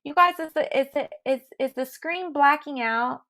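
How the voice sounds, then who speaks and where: A tarot reader on a casual livestream gives spiritual readings from home into a computer mic, her voice high, a little bright, and moving at a moderate pace. She is chatty and reassuring and laughs often.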